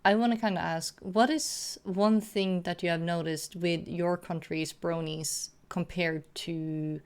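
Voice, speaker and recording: A woman from Norway hosting a casual group chat, talking in a relaxed way and laughing often. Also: on the low side, unhurried, clean tone. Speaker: host.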